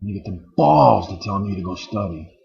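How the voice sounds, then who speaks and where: A man's voice: low-pitched, lively intonation, a little fast, vocal fry, highs cut off. A man in an angry, profane rant, firing off rhetorical questions. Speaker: vlogger.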